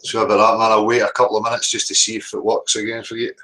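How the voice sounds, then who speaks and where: A man's voice: fairly low pitch, little pitch movement, rapid-fire, pushed and bright, low-quality recording. A man with a Scottish accent hosting a live online chat and signing off in a casual, rambling way full of hesitations. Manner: rambling, hesitant with many ums. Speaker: livestream host.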